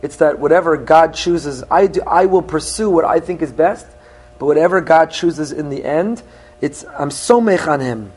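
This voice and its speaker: A man's voice: on the high side, moderate pace, darkish tone, breathy edge. A middle-aged man who is a rabbi, giving an earnest teaching sermon and mixing Hebrew phrases into his English. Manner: earnest teaching, with rising emphasis on key points.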